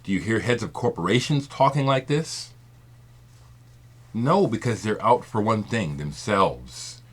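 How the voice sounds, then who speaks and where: Impassioned low-voiced man with lively pitch. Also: measured pace, breathy edge. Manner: emphatic and rambling, repeats points, swears. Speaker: vinyl community video maker. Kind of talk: impassioned monologue to camera.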